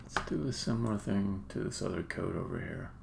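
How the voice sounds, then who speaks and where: A man's voice: low voice, a little fast, creaky, background noise. A man who develops games, thinking aloud to himself while he live-codes and often trailing off mid-thought. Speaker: game developer streaming live coding.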